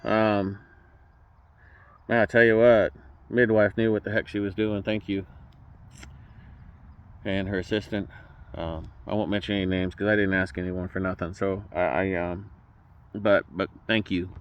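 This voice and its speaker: A man's voice: on the low side, level tone, measured pace, pauses often, dull audio, a little hiss or hum. An emotional man speaking as a political candidate, folksy and fervent, often repeating words as he restarts. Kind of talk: direct-to-camera campaign address.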